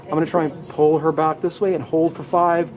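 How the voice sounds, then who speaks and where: An upbeat male anatomy instructor lecturing to a live class, leading students through the terms and getting them to say each one aloud. His voice sits a little high yet sounds mellow and relaxed. Faint classroom noise hums behind him. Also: a little fast, poor audio.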